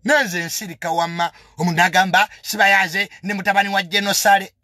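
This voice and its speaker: A man's voice: high voice, fairly even intonation, fast, sharp tone, dry recording, studio quality. A young man with a Ugandan accent delivering a heated, confrontational monologue full of emphatic repetitions. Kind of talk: heated monologue mixing English and Luganda.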